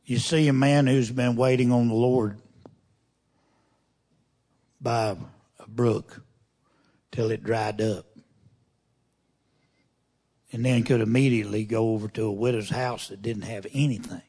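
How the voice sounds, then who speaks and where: This preacher's mid-range voice is dark and breathy, steady in tone, and measured in pace, with frequent pauses. He reads scripture aloud, then comments in a folksy, conversational manner and asks his listeners pointed questions.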